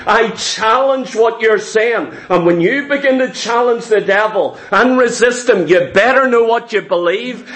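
A man with a notably high voice delivers a sermon. He drives his points home through emphatic repetition and direct address to the listeners. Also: a bit bright, reverberant, rough recording. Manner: emphatic, repetitive preaching cadence. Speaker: preacher.

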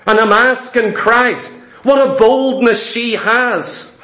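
A man's voice: very high voice, takes it slowly, bright, forceful tone, echoey room. A man preaching a sermon, emphatic and vivid, repeating his key points and telling stories.

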